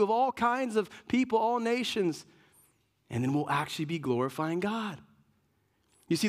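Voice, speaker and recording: A man with a high-pitched voice delivers a sermon as a pastor. He speaks earnestly and with emphasis. He often repeats words and restarts his sentences mid-thought.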